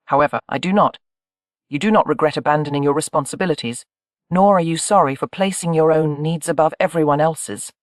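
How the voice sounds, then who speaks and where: A narrator voicing a bitter woman in her forties who speaks crisply and with reproach, in an audiobook. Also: mid-range voice, animated, normal speed, no echo, studio quality, lightly acted. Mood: cold, reproachful. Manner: crisp, accusing.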